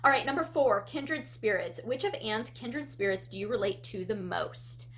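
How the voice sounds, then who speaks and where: A woman and parent chatting casually through a book tag as a vlogger, lively and acting out her quoted reactions. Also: mid-range voice, normal speed. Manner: animated, acts out quoted reactions.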